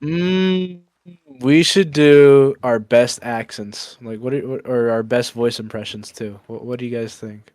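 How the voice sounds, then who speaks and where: Loud joking young man, dry sound. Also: a little slow, no echo. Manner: loud, joking, swears, bursts into high silly voices. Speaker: podcast co-host. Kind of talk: casual chat.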